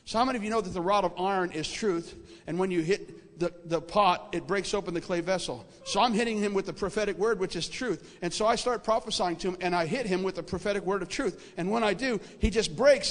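A man preaching a sermon and telling a folksy story in an animated way. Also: high-pitched, a little fast. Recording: echoey hall.

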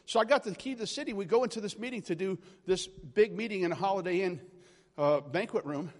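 Male preacher, forties, high voice, storytelling sermon that builds to loud calls, reverberant hall. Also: fast. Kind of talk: charismatic sermon.

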